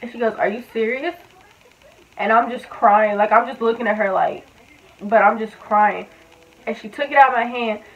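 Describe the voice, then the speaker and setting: A young woman in her twenties, vlogging, relates a personal story in a casual, frank manner, heavy on fillers and profanity. She speaks at normal speed in a high-leaning voice, recorded with tinny, phone-like sound.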